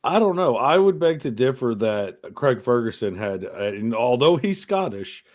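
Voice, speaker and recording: A man's voice: medium pitch, very animated, moderate pace, a little mellow. A man from New York hosting a podcast, talking in a crude, rambling, profane way. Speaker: podcast host. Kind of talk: casual chat.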